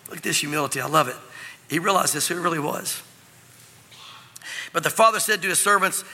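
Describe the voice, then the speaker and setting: A man preaching a sermon, animated and acting out the characters of the parable he reads. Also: a little high, fast, long pauses, breathy edge, big-room sound. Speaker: pastor. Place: church hall.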